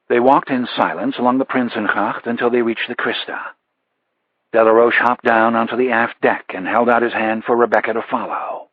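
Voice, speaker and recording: A man narrating a thriller audiobook in a measured, even delivery. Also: mid-range voice, no room sound, highs cut off. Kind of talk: scripted narration.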